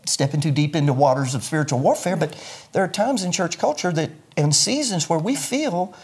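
A man's voice: a little high, animated, brisk, darkish tone, slightly rough. An older man, a pastor, explaining his views earnestly in a sermon-like way during an interview. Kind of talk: interview conversation.

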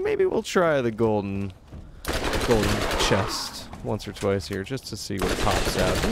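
A young man streams a video game, chatting casually and making fun of himself in let's-play commentary. His creaky, lowish voice swings widely in pitch at a measured pace, with a little hiss or hum on the audio.

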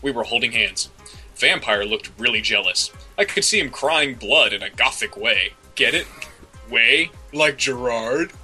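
A man co-hosting a comedy podcast, reading a story aloud in a deadpan way. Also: mid-range voice, moderate pace, low-quality recording. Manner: deadpan, breaks into laughter. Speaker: podcast co-host. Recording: faint music bed behind.

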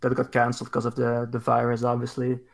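A man's voice: medium pitch, completely flat delivery, fast talker, gravelly. A man guesting on a casual gaming podcast, easygoing and agreeable. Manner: easygoing, agreeable, lots of "mm-hmm" replies.

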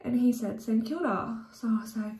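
A chatty young Australian woman talks to her camera between errands in a slightly high voice, joking at herself and swearing casually. Her car and the road rumble clearly behind her. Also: normal speed. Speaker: vlogger. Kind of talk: casual vlog chat.

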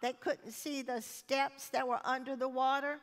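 A woman speaking to a church congregation in a measured, exhorting way. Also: high voice, level tone. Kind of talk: sermon. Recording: long hall reverb.

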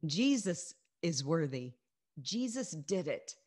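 A woman with a somewhat low voice teaches her faith group over a video call. She speaks earnestly and repeats her key phrases to drive them home while sharing her own testimony. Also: sing-song, slow, a little mellow. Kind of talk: Christian teaching and personal testimony.

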